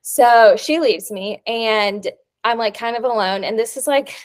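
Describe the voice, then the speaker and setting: Young woman podcast host, slightly high voice, chatty and rambling with lots of "like.". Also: measured pace. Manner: chatty storytelling, many "like" fillers. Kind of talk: casual chat.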